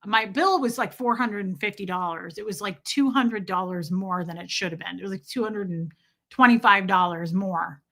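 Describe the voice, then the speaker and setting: A woman hosting a livestream, telling a story as a casual rant, chatty and quick, full of restarts and "like". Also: medium pitch, fairly bright tone. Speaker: livestream host.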